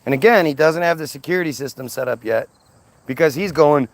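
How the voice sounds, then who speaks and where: A man's voice: on the high side, fairly quick, dry recording. A man hosting a livestream, retelling a story in a crude, mocking, rambling way. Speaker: livestream host.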